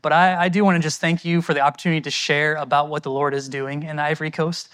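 A man's voice: fairly high pitch, little pitch movement, quick pace, a bit bright, clean tone. A man from the United States, a missionary answering audience questions at a church in an earnest, conversational and thankful way.

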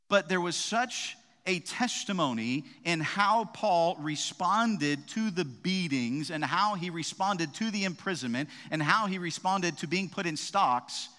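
A man's voice: a little high, animated, unhurried, pushed and bright. A man preaching a sermon as a pastor, in a conversational style with frequent "right?" asides and restarts. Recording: long reverb of a large hall.

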